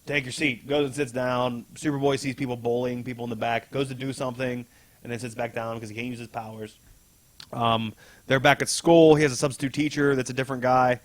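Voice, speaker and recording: A man's voice: medium pitch, level tone, fairly quick. A man co-hosting a podcast, casually recapping a comic with a rambling, laughing delivery and casual swearing. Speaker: podcast co-host.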